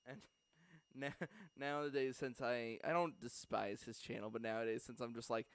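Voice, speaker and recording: A man's voice: medium pitch, normal speed, clear, resonant tone, no room sound. A man co-hosting a podcast in casual chat, joking and laughing often. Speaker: podcast co-host.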